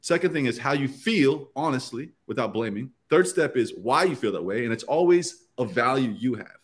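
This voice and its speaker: Guy on a podcast panel breaking stuff down step by step, mid pitch, keeps acting out little bits of dialogue. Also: animated, normal speed, breathy edge. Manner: explains step by step, often acting out quoted dialogue. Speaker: podcast guest. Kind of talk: casual round-table explanation.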